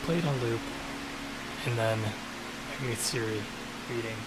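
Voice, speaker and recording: A man's voice: medium pitch, unhurried. A man with the hiccups, talking offhand and rambling to himself during a live coding stream. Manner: rambling, offhand, self-mocking. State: has the hiccups. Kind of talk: casual live-stream talk. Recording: loud hiss and air conditioning.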